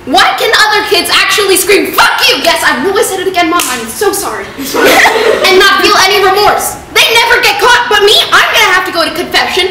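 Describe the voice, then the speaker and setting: High-voiced teen girl ranting on stage, lively and exasperated, echoey hall from far off. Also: fairly quick, heavy background noise. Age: teens. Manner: exasperated, ranting, self-mocking. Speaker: solo stage performer. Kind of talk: one-woman comedy show.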